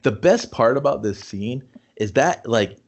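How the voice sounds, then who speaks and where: A man co-hosting a casual movie review chat, swearing a lot and acting out scenes in gruff put-on voices. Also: medium pitch, measured pace, lo-fi sound. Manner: profane, animated, acts out scenes in gruff voices. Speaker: podcast co-host.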